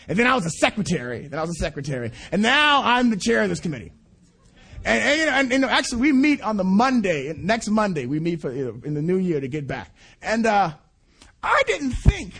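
A middle-aged man preaching a sermon and telling a personal story, animated, repeating himself and laughing between phrases. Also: sits high, husky. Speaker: preacher at a student conference.

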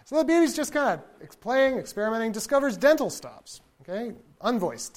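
A man giving a lecture in a relaxed, conversational way, often asking his listeners "right?" and chuckling between points. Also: very high voice, a little fast. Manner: conversational, checks in with the audience; imitates baby babble to illustrate points. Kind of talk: lecture to an audience.

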